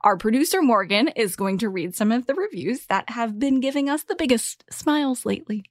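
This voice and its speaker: A woman's voice: fairly high pitch, animated, brisk, no echo. A woman hosting her podcast, speaking in an earnest, grateful way with playful asides, on a close studio mic. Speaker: podcast host. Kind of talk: scripted podcast address.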